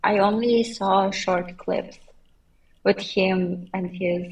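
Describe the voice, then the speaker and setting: A woman's voice: mid-range voice, fairly even intonation, takes it slowly, far from the mic, poor audio. A woman guest on a podcast in casual chat, speaking unhurriedly with some hesitation. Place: podcast recording in Seoul.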